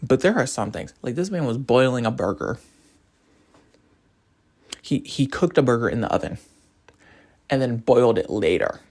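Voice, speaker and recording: Young college guy on an animated rant, topic hopping, voice all over the place. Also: mid-range voice, normal speed, gravelly, pauses often. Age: young adult. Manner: animated, rambling, jumps between topics. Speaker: college student vlogger. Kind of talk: casual rant to camera.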